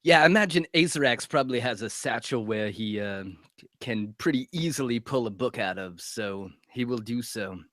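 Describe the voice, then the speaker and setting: A man playing a tabletop game, describing his move in a halting way with restarts. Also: mid-range voice, animated, fairly bright tone, no echo, studio quality. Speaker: player. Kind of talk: tabletop role-play.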